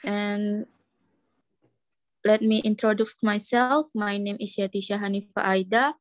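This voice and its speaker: A young woman student from West Kalimantan speaks English with an Indonesian accent, polite and a little hesitant. Her voice sits at a middle pitch and sounds dry and close over a video call. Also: fairly even intonation, measured pace, no echo. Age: young adult. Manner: polite, slightly hesitant, says sir often. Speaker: university student. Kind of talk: self-introduction in class.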